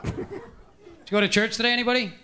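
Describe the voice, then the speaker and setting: A brash male comedian with a very high voice riffs through his set. A big live crowd laughs around him, and the room is noisy. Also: big pitch swings, sharp tone. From Brooklyn, New York. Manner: brash, rapid riffing. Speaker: stand-up comedian. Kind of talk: stand-up routine. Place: comedy stage.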